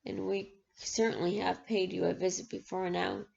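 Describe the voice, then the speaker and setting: A woman reading aloud and voicing a menacing adult male gang thug who talks in a soft, mocking voice. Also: mid-range voice, flat delivery, normal speed, gravelly. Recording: dull lo-fi recording.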